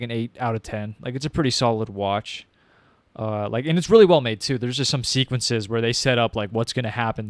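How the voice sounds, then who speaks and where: A man's voice: mid-range voice, no echo. A young man casually reviewing a movie, rambling with lots of fillers, slang and restarts.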